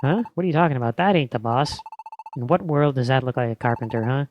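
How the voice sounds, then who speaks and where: A man reading rough carpenter's apprentices. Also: mid-range voice, quick pace, dull audio, slight background noise, close to an everyday voice. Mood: brusque. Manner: brusque, working-class slang. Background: game music.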